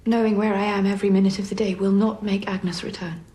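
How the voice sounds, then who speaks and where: An actress playing an earnest, principled young gentlewoman in a period drama, speaking formally and with feeling. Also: medium pitch, level tone, fast, natural voice. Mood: impassioned. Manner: formal, impassioned speech. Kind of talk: period television drama acting.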